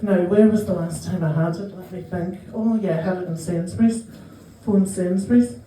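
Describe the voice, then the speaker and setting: A Northern Irish woman in her fifties performing a stand-up set, telling self-mocking stories with quick dry asides. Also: on the low side, warm tone, a little hiss or hum. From Northern Ireland. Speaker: stand-up comedian. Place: small comedy club. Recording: roomy live venue, mic heard from a distance.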